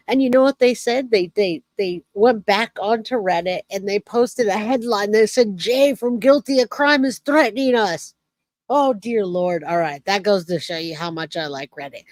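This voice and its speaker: A woman's voice: medium pitch, darkish tone, no room sound. A woman hosts her true crime show and talks straight to her viewers. She sounds indignant and emphatic, and her voice sits in a mid range. The sound is close and dry. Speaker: host. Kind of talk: casual commentary.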